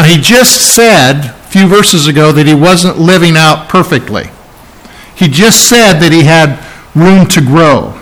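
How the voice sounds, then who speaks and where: A man's voice: a little high, fairly bright tone, rough recording. A man preaching an expository sermon, teaching earnestly and repeating phrases for emphasis. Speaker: pastor.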